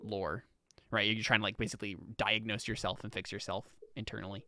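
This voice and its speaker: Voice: medium pitch, level tone, brisk, sharp tone, dry recording. A game master narrating a tabletop game in a casual, hesitant way, with lots of fillers.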